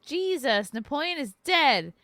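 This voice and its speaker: A woman's voice: high-pitched, big pitch swings, a little slow, fairly bright tone, no room sound. A woman hosting a casual podcast. She reads viewer messages aloud and jokes with her guests in a wry, teasing way. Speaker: podcast host reading super chats. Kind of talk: casual chat.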